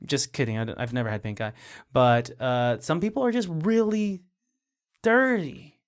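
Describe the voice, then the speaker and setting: A man's voice: medium pitch, normal speed. A man hosting a podcast, chatting casually in a laid-back, joking way. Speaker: podcast host. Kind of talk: casual chat.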